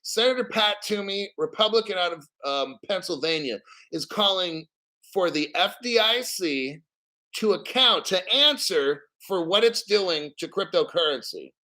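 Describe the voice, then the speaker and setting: A man's voice: high-pitched, lively intonation, unhurried, pushed and bright. A middle-aged man hosting a crypto channel, ranting casually and bluntly with plenty of swearing and reading out bits of news. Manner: blunt, profane, rambling, reads out news. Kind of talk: casual live stream rant.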